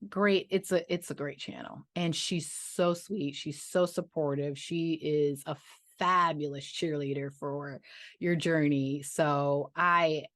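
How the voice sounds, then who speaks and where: Woman budgeting vlogger: gushing casual chat, lower voice, dead-dry close recording. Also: fairly even intonation, slow, fairly bright tone, dry recording. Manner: chatty and gushing, trailing off, with playful sung interjections.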